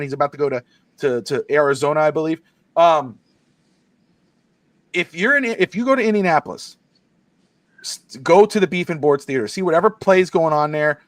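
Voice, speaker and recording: A man co-hosting a sports podcast, telling stories in quick, excitable bursts with lots of asides. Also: a little high, no echo. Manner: fast, excitable storytelling with quick asides and laughs. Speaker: podcast co-host. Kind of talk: casual sports podcast chat.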